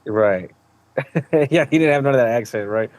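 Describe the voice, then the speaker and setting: A man co-hosting a podcast, riffing rapidly with strong opinions in casual slang. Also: mid-range voice, a little mellow, no echo. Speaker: podcast co-host.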